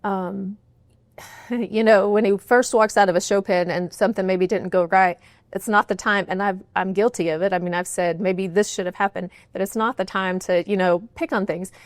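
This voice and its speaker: A woman's voice: medium pitch, fairly even intonation, normal speed, dry recording. A middle-aged woman answering interview questions in an earnest, candid way, often saying "you know", in a studio. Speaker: guest, horse trainer's wife and business partner.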